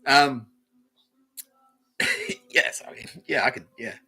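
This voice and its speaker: A man's voice: mid-range voice, slow, gravelly, sharp tone, husky, poor audio. A young man hosting a podcast, talking in a casual, swaggering, profane way and laughing often. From Australia. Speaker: podcast host. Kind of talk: casual comedic monologue.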